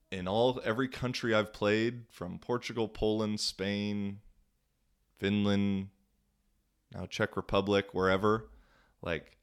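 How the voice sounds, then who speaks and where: A young man talking on his own podcast in a relaxed, rambling way. He uses lots of slang and filler words, and his voice sits a little low. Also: clear, resonant tone. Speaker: podcast host. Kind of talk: casual storytelling monologue.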